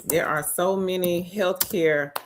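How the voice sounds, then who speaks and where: A woman's voice: on the low side, steady tone, slow pace, slight background noise. A woman hosting a casual live stream, greeting each viewer by name and reading out their comments.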